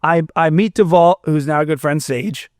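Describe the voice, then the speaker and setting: A man's voice: fairly high pitch, normal speed, dry recording, studio quality. Young man telling a rambling story. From Fort Myers, Florida. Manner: rambling, restarts and self-corrections, acts out quoted dialogue. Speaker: musician guest. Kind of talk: storytelling in a casual podcast interview.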